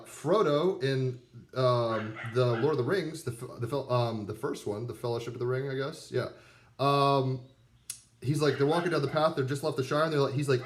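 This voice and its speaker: A man in his thirties giving a rambling, casual tarot pep talk full of fillers and asides. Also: mid-range voice. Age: 30s. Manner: rambling, conversational, many fillers. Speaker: tarot reader. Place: abroad with dogs nearby.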